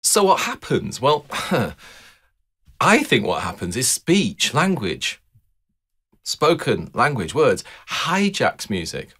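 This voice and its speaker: A man's voice: mid-range voice, wildly swooping pitch, takes it slowly, fairly bright tone, slightly rough. A man giving an explanatory talk about music to a camera, thoughtful and conversational, often restarting phrases and asking rhetorical questions. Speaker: music teacher.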